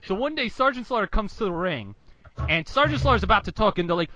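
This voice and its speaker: A man's voice: high-pitched, fast, dry recording. A man co-hosting a wrestling podcast, chatting casually and laughing as he recounts moments. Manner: animated, laughs while recounting. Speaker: podcast co-host. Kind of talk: casual chat. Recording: dull lo-fi audio.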